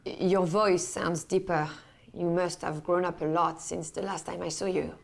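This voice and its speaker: A woman's voice: mid-range voice, very fast, lightly acted. An actress playing a woman who interprets a family video call in a live-action game, relaying lines plainly. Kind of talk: FMV game acting.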